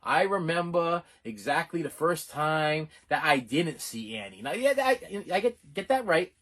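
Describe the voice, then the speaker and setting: A man's voice: a little high, a little slow. A middle-aged man telling a rambling personal story to camera, full of restarts. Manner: rambling, animated, lots of restarts. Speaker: channel host. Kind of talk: casual storytelling.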